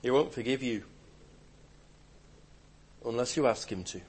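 Man, preacher, sermon, husky voice, emphatic, shifts from loud proclamations to hushed asides. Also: mid-range voice, unhurried. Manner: emphatic, wide swings between loud declarations and hushed asides.

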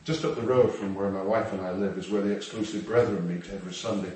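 A man's voice: deep voice, fairly even intonation, quick pace, a little mellow. A man preaching a sermon in a conversational, humorous way, with asides to the congregation. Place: church hall. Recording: echoey hall, distant mic, faint noise.

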